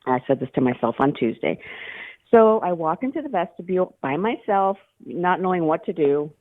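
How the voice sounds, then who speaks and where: A woman's voice: fairly low pitch, expressive, moderate pace, dry recording. A woman calling in to a radio show, telling her story with emotion and frequent laughter. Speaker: caller. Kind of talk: call-in radio chat. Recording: tinny phone line.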